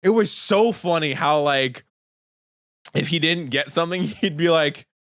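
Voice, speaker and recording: Animated man telling stories on a podcast. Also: a little high, measured pace, dry recording, clean studio sound. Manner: animated storyteller, acts out quotes with laughter. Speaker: podcast co-host. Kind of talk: casual chat.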